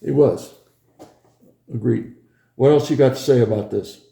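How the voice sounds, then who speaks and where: An older man, once a pilot, reminisces in a relaxed, chatty way, chuckling often and acting out the scenes as he goes. His voice is dark and mellow, at a middling pitch for a man. The sound is roomy, with a clear echo around him. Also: measured pace. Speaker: former pilot recounting a research flight. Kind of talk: casual reminiscing storytelling.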